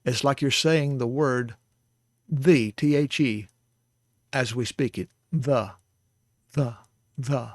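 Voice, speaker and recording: A man's voice: mid-range voice, takes it slowly, long pauses, dry recording, clean studio sound. A man teaching pronunciation, who patiently explains each sound and then demonstrates it by repeating it. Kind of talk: slow instructional explanation.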